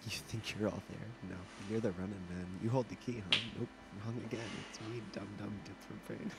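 An actor playing a man who threatens a rival in a low, rapid-fire way. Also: fairly even intonation, vocal fry, very noisy. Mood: menacing. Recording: music playing over the voice.

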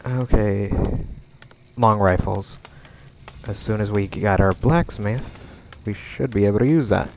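A man's voice: on the low side, measured pace, a little hiss or hum. A man commentating his own strategy game as he plays, swearing and panicking as his base comes under attack. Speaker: gamer. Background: game music and battle sounds.

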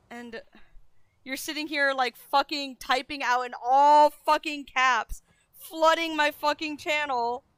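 Young woman, streamer, high voice, flustered, self-deprecating, swearing, dry close mic. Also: fairly bright tone, no echo. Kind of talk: casual livestream talk to chat.

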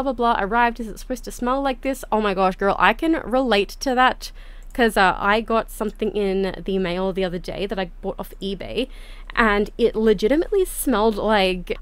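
A woman hosting a gaming channel, giving casual, chatty gameplay commentary with lots of quick exclamations. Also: medium pitch, dry recording.

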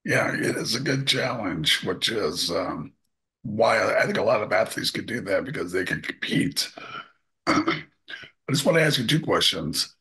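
A man hosting an interview, asking casual, somewhat halting questions. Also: lowish voice, animated, bright, forceful tone. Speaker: interview host.

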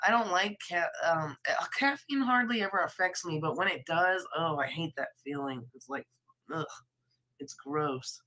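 A woman chatting on her live stream with a voice roughened by illness. She rambles, swears casually and talks in an easy, loose way. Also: sits low, normal speed, bright, forceful tone, rough recording. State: hoarse from illness.

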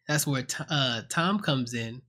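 A man's voice: medium pitch, slow pace, pushed and bright. A man giving a casual spoken movie review at home on a close mic, retelling scenes with jokes, swearing and acted-out quotes. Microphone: own desk mic, close.

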